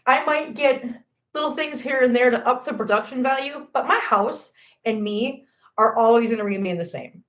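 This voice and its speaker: A woman's voice: fairly high pitch, moderate pace, fairly bright tone. A woman in her forties chatting casually on a home livestream, reading out viewers' comments, rambling and laughing often, on a laptop microphone. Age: 40s. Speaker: livestream host reading chat.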